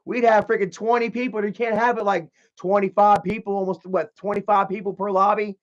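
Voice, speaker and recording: Dude with a high voice cussing through a rambling story, muffled lo-fi sound. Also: male voice, little pitch movement, fairly quick. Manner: profane, rambling, repeats himself. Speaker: channel host. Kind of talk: casual storytelling rant.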